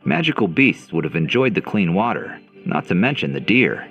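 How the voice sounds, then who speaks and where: Deep-voiced man narrating dramatically. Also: very animated, normal speed, lo-fi sound. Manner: dramatic storytelling, swinging pitch. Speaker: audiobook narrator. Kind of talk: scripted audio novel narration. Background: faint background music.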